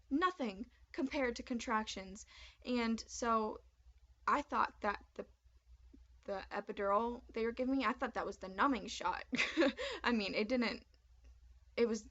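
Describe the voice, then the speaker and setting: A woman's voice: medium pitch, fairly bright tone, muffled recording. A young adult woman vlogger telling a personal story to the camera in a chatty, candid way, filling her talk with "like" and retelling lines with animation.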